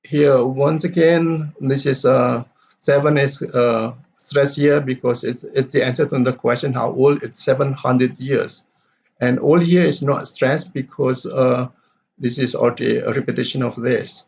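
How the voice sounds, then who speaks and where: A man with a gravelly, husky voice explains how to stress words when reading a story aloud. He moves in halting steps, with plenty of pauses and fillers. The recording sounds dull and lo-fi. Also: medium pitch, steady tone, a little mellow. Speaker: English teacher.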